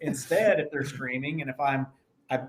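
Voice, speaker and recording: A man talking as a podcast guest in casual conversation, animated and acting out little anecdotes in other voices. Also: mid-range voice, moderate pace.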